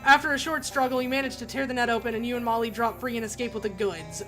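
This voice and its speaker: A woman's voice: a little high, fast, few pauses, a bit bright, faint music behind. A woman streamer playing a game, reading its text aloud with wry asides and frequent laughter. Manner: wry, chatty, laughs often.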